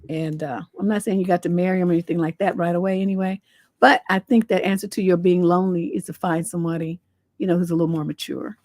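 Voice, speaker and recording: A woman's voice: on the low side, a little mellow, no room sound. A woman relationship coach on a livestream advice show, giving blunt, scolding advice with rhetorical questions and salty language.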